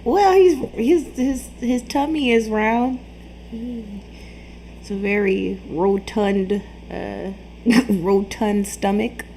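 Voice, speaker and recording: A woman's voice: mid-range voice, very slow, warm tone, a little hiss or hum. A woman commenting on stream clips, teasing the streamer and laughing at him. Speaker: reaction commentator. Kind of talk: mocking commentary over clips.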